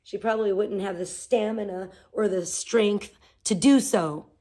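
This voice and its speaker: A woman's voice: medium pitch, fairly even intonation, measured pace, warm tone. A woman hosting a livestream, venting casually with profane, sarcastic rants and talking to her chat. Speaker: livestream host.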